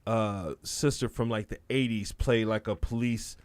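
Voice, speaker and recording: A man's voice: lowish voice, fairly even intonation, a little slow, clear, resonant tone, dry recording, clean studio sound. A man from Chicago co-hosting a podcast in casual chat, rambling and profane, laughing often. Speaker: podcast co-host.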